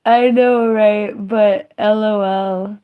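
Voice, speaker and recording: A young woman hosting her own livestream, talking in a slow, drawling way. She sounds sardonic and offhand, joking and confessing in the same breath. Her pitch sits in an ordinary middle range. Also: fairly even intonation, clear, resonant tone, phone-quality sound. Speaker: livestream host. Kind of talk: casual livestream chat.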